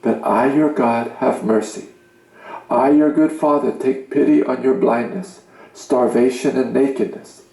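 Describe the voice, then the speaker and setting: Slow, gravelly man reading solemnly. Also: medium pitch, mellow. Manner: grave, commanding, measured delivery. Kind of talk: solemn reading of a religious message. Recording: roomy echo.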